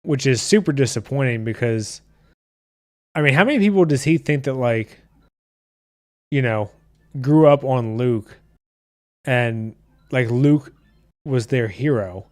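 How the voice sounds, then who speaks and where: A man's voice: medium pitch, expressive, unhurried, long pauses, dry recording, clean studio sound. Blunt, profane man ranting. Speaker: podcast host reading live chat. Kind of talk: casual livestream chat.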